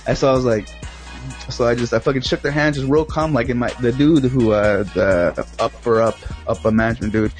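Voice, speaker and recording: A man's voice: medium pitch, a little fast, soft background music. Rambling, profane man telling a story. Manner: rambling, profane, laughs often. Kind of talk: casual chat.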